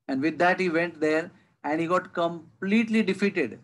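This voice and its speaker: A man's voice: fairly high pitch, normal speed, low-quality recording. Man giving a devotional talk. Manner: storytelling, rhetorical questions, lively emphasis. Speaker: spiritual teacher. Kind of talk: devotional lecture. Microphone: video call.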